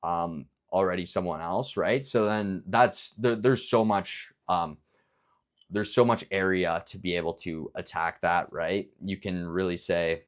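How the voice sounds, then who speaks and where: A young man with a deep, low voice talks through his sales advice in a loose, rambling way. He keeps coming back to his points with fillers and restarts, and now and then he acts out a phone call, playing both the caller and the realtor. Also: steady tone, measured pace. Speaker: business coach. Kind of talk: casual instructional talk.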